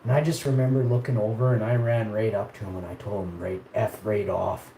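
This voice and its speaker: A man's voice: lowish voice, fairly even intonation, a little fast, creaky, dark tone. A man telling rambling childhood stories in a casual stream, laughing often and raising his voice when he quotes people. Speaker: live streamer. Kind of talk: casual storytelling. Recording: echoey room with faint ambient noise.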